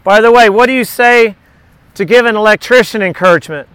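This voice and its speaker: A man's voice: high voice, brisk, fairly bright tone, clear, resonant tone. A middle-aged man leading a Bible study in an informal sermon, talking conversationally, repeating key words and slipping in jokes.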